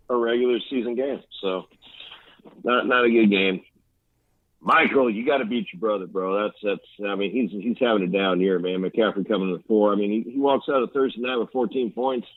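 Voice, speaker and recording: A man's voice: medium pitch, no echo. A man co-hosting a casual fantasy league chat, rambling and bluntly trash-talking with laughs. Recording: tinny phone-line sound.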